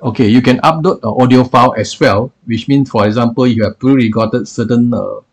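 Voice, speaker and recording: A man walks through a software tool in a tutorial, his voice gravelly with a husky edge. He explains haltingly and keeps reaching for words with filler phrases as he clicks along. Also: medium pitch. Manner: hesitant, filler-heavy explaining. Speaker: software reviewer. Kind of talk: screen-recorded tutorial.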